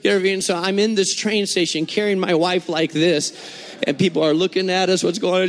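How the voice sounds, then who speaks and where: Guy preaching in a big echoey church, high voice, funny stories in between. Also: moderate pace. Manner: animated storytelling with humor. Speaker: pastor. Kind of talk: sermon.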